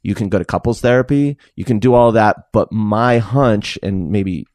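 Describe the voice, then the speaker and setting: Male podcast co-host, low voice, hesitant and reflective, dry studio sound. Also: normal speed, darkish tone, no echo. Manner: thoughtful, hesitant, many fillers. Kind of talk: casual advice chat.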